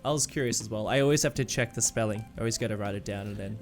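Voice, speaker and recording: A man hosting a podcast, chatting casually and telling stories with lively acted-out quotes. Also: lowish voice, racing. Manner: animated storyteller, acts out quoted voices. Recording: faint music behind.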